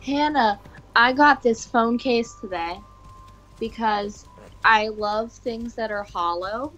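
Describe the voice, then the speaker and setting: A woman's voice: a little high, slow pace, a bit bright, muffled recording, soft background music. A woman co-hosting a podcast in casual chat, with sarcastic, playful banter.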